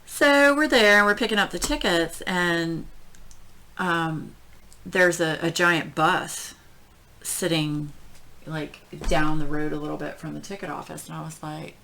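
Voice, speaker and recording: A middle-aged woman telling a story at home in casual chat, rambling and animated, with many fillers. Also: sits low, measured pace, creaky. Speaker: crafting channel host.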